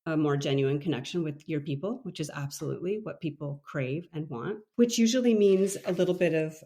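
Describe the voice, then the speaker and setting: A middle-aged woman from Maine, co-author and leadership coach, talking in an animated podcast conversation and acting out quoted voices with frequent laughs. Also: low voice, fairly quick.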